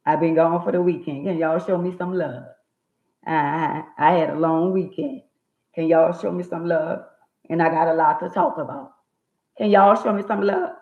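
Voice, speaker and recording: A woman hosting a casual livestream, greeting viewers by name in a chatty, drawn-out way. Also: lowish voice. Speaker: livestream host. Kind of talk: casual live chat. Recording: tinny phone-like sound in an echoey room.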